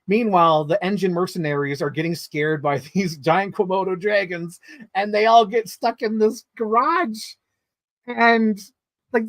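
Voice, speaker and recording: A man giving a casual, animated movie review as a story, swearing freely and getting excited. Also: high voice, dry recording.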